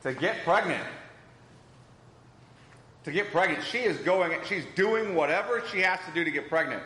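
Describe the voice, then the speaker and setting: A man's voice: high-pitched, expressive, normal speed, pushed and bright. A man teaching a Bible class, asking the group questions and repeating their answers. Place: church hall. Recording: echoey hall with long reverb.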